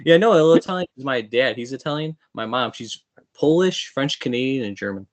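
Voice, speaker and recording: A man's voice: medium pitch, animated, a little fast, no room sound. A man hosting a podcast, chatting casually with a guest and laughing often. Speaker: podcast host. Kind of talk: casual interview chat.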